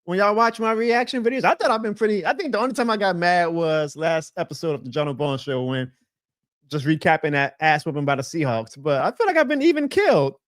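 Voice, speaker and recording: A man hosting a live stream, joking and trash-talking in a lively way. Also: a little high, brisk, no echo, clean studio sound. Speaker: show host. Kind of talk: casual live-stream commentary.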